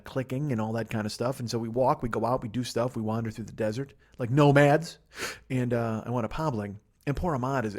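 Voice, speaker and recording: A middle-aged man from Chicago rattles through a solo podcast monologue at a fast clip, swearing freely and poking fun at himself. He talks into a laptop microphone in a living room, holding back yawns between runs of talk. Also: medium pitch. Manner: rambling, profane, self-mocking, rushes without pausing. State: stifling yawns. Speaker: podcast host.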